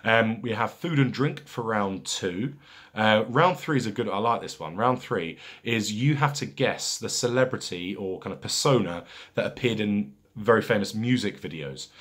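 A man with a low, husky voice runs a casual pub quiz. He reads each question out twice at an unhurried, deliberate pace and drops in chatty asides with plenty of fillers between rounds. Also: animated, a bit bright.

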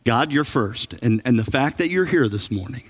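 A man preaching a sermon as pastor, telling stories with humor and lively emphasis. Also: medium pitch, moderate pace, husky. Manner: animated storytelling with humor. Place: church sanctuary.

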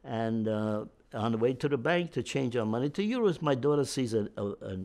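A man's voice: mid-range voice, expressive, normal speed, darkish tone. A man in his nineties, a war veteran, telling a long story in an interview with many restarts and repeated words. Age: 90s.

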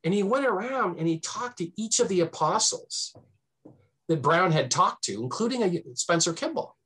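A man, a history professor, telling history in an animated conversational way on a podcast, with many fillers and restarts. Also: moderate pace, husky. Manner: animated, swings pitch for emphasis. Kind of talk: conversational storytelling.

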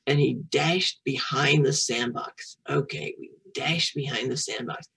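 A woman with a bass voice that is unhurried, creaky, husky, and a bit bright reads a picture book aloud to a young child, sounding far from the mic on a rough recording. As a children's storyteller and French teacher, she patiently repeats French words and encourages the child to say them back.

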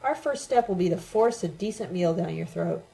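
A woman's voice: lowish voice, expressive, moderate pace, vocal fry, dark tone, poor audio. A woman reading a dry, sarcastic sister. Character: sarcastic, teasing grown woman.

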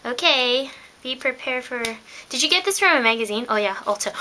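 A young woman with a high, bright voice chats excitably in a casual vlog. She tells stories in a loose, talkative way while opening her mail in a room. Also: fairly quick. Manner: chatty, excitable, storytelling. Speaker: vlogger. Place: indoors in a room.

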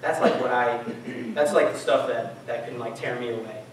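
A man's voice: medium pitch, fairly even intonation, normal speed, a little hiss or hum. Man preaching in an echoey hall. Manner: casual, conversational preaching with audience questions. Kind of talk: sermon. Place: church hall. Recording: echoey church hall, mic from far off.

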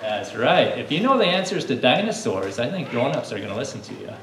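A man leading a lively lesson for a room of children, coaxing them to call out answers like a coach. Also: mid-range voice, fairly quick. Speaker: children's teacher. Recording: echoey room, distant mic, faint hum.

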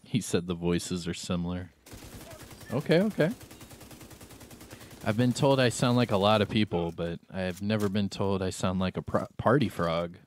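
A man's voice: sits low, normal speed, a little hiss or hum. A man streaming a shooter game, chatting casually and answering his viewers' comments as he plays. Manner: chatty, laid-back, reads and answers chat.

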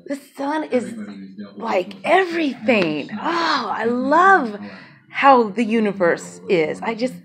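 A woman's voice: fairly high pitch, sing-song, slow, fairly bright tone. A woman vlogger talking to camera in a loose, rambling way, laughing often and swearing freely. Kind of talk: casual rambling monologue to camera.

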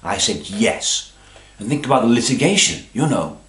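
A man rambles through a comic monologue in a low voice that swoops up and down a lot. He sounds pompous and long-winded, and his words ring in a roomy, echoing space. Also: sing-song, moderate pace, a bit bright. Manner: long-winded, pompous, constantly adding "you see" and "you know". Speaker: comic storyteller.

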